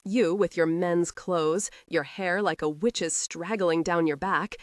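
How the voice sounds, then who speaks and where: In an audiobook reading, a woman with a fairly low, steady voice speaks slowly as a brash, arrogant young horseman who teases and needles. Her delivery is mocking and needling, and the studio-quality recording has no echo.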